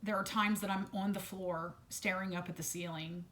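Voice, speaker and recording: A woman speaking unscripted to camera about a personal ordeal, halting with many restarts and repeated words and blunt swearing, while still detoxing from medication. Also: on the low side, steady tone, fairly bright tone. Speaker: vlogger sharing a personal story.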